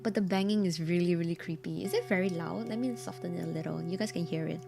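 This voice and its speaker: A woman streamer with a hoarse, croaky voice, chatting casually and reacting expressively to horror stories, quick to laugh and repeating her exclamations. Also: fairly low pitch. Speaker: streamer hosting a story night. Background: soft ambient music.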